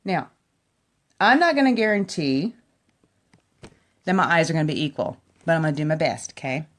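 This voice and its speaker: At home by a window, a makeup vlogger gives a chatty, enthusiastic tutorial, talking straight to her viewers. Her voice sits low and sounds animated, at a normal speed.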